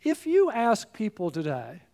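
A man with a high-pitched voice delivers a sermon. He is emphatic, rising to loud exclamations and then dropping to hushed asides as he preaches. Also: huge pitch swings, unhurried, gravelly.

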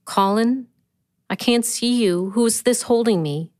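A woman's voice: a little high, a little slow, darkish tone, no echo, voice pushed up, natural voice. A woman reading the part of an anxious, devoted young mother who speaks earnestly and pleadingly. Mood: frightened.

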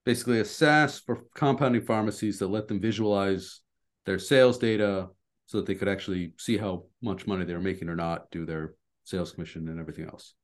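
A man with a somewhat low voice co-hosting a casual podcast. He mostly listens, drops short replies, and sums up what he has heard in a relaxed, conversational way. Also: a little fast. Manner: brief backchannel replies and summarizing. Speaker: podcast co-host. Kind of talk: casual chat.

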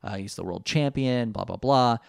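A man casually voicing a breezy male tournament announcer in quick paraphrase. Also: medium pitch, vocal fry, dry recording, clean studio sound, close to an everyday voice.

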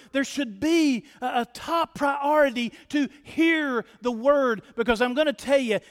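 A male pastor with a very high, slightly bright voice delivers a sermon in a church sanctuary, speaking straight to the congregation. He's emphatic and keeps repeating key phrases, while the room adds a long reverb.

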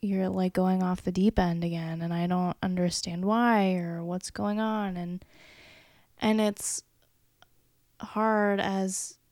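Thoughtful woman, mellow voice. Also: on the low side, level tone, no room sound, clean studio sound. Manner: measured and thoughtful, with fillers. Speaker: co-host, the speaker's wife. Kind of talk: candid conversation.

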